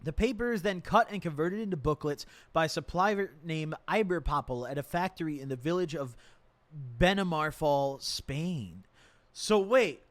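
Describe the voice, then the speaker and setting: A man's voice: fairly high pitch, expressive, moderate pace, dry recording. A man streaming live, casually rambling and slangy as he reads a legal document aloud and reacts to it. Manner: rambling, repeats himself, slangy.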